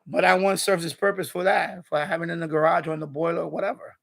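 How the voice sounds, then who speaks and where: A man's voice: fairly high pitch, little pitch movement, quick pace, creaky, fairly bright tone. A man hosting a live stream, chatting casually and rambling, with many restarts and repeated phrases.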